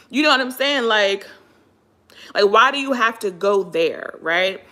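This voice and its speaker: A woman's voice: mid-range voice, moderate pace. A woman from Pennsylvania giving casual, exasperated commentary on a livestream and greeting viewers as she talks. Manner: animated, exasperated, greets viewers mid-rant. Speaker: livestream host.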